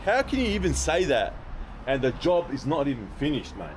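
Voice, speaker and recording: A man's voice: a little high, huge pitch swings, normal speed, a little hiss or hum. A man touring a building site, pointing out defects in a blunt, exasperated, chatty way. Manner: blunt, exasperated, laughing at shoddy work. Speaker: building inspector. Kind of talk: walkthrough site inspection vlog.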